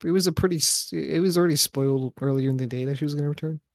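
A young man with a fairly high voice riffs sarcastically through a wrestling recap, swearing freely and cracking jokes. He is close on a headset microphone in a dry, dead room. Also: racing, vocal fry, a little mellow, dry recording. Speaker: podcast co-host. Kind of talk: casual wrestling chat. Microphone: microphone and headphones.

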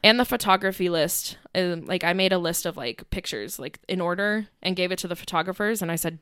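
A woman's voice: lowish voice, a little fast, few pauses, fairly bright tone, clear, resonant tone, no echo, studio quality. A young woman co-hosting a podcast in casual chat, talking easily with lots of fillers and frequent laughter. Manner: chatty, laughs often, many "like" fillers. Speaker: podcast co-host.

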